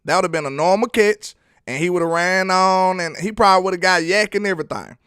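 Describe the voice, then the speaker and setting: A man's voice: high-pitched, brisk, fairly bright tone, clear, resonant tone, dry recording, studio quality. Chatty man streaming football breakdowns. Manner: chatty, laughing, teasing the chat. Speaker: sports film-study streamer. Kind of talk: casual live-stream commentary.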